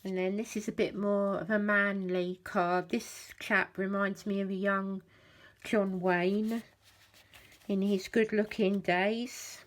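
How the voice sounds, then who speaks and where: A woman narrates a papercraft walkthrough at a slow, easy pace, pointing out each card and tag as she goes. Her voice sits in a middle register, and she keeps a friendly show-and-tell manner. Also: mid-range voice, flat delivery. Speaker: craft channel host.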